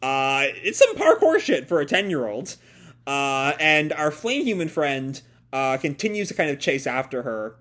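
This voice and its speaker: A man reads a comic aloud at normal speed and reacts to it, chatting casually and rambling with lots of fillers and laughter. His voice is slightly high and very animated in pitch, in the style of a live reading with commentary.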